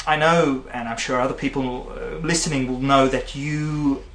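A man's voice: medium pitch, fairly even intonation, moderate pace, fairly bright tone, roomy sound. A male interviewer asking questions in a conversational way and qualifying as he goes. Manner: inquisitive, qualifies his questions.

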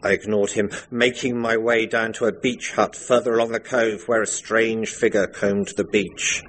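A man narrating a comic parody in a dry, deadpan storytelling manner. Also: fairly low pitch, moderate pace, hardly any pauses, slight background noise, poor audio.

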